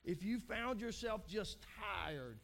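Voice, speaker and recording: Man, pastor, high voice, conversational sermon, repeats himself, acts out tired people. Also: sing-song, takes it slowly, vocal fry, fairly bright tone.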